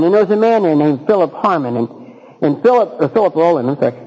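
A man with a somewhat higher-than-usual voice shares his personal recovery story in front of a group. His delivery is wry and self-mocking, and the story is told with humour. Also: a little mellow, low-quality recording. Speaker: recovering alcoholic telling his story at a meeting. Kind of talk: humorous personal storytelling talk.

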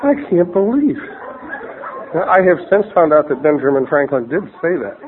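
A man with a wry, punchline-driven way of telling stories speaks to a recovery meeting in a somewhat high voice. The audio is thin and phone-like, like an old radio broadcast. A crowd and clear noise sit underneath. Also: very animated, normal speed. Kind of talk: humorous personal storytelling.

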